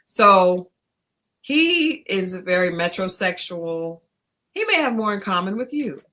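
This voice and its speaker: A woman co-hosting a casual podcast, telling a story in an animated way, laughing often and acting out what people said. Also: mid-range voice, slow. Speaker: podcast co-host.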